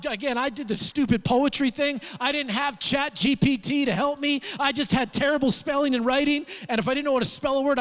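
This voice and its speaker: A man preaching a sermon, telling stories with acted-out quotes in an animated, conversational way. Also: very high voice. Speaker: pastor. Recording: reverberant church hall.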